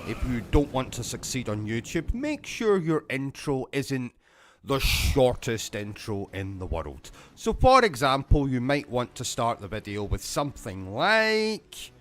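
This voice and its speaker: A man's voice: mid-range voice, big pitch swings, measured pace, fairly bright tone. Sarcastic rambling British man. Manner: sarcastic, rambling, mock-serious. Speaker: gaming YouTuber host. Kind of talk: comedic livestream monologue.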